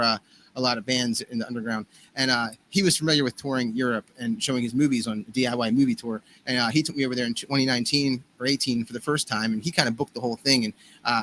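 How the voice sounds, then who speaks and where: A man's voice: mid-range voice, fairly bright tone, a little hiss or hum. An American man, a guest musician, telling stories in casual podcast talk with many fillers and restarts. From United States. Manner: rambling, full of fillers and restarts.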